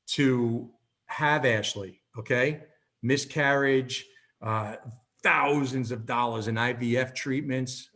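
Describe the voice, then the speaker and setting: Man in his fifties, animated storyteller, motivational talk, medium pitch. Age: 50s. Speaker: presenter.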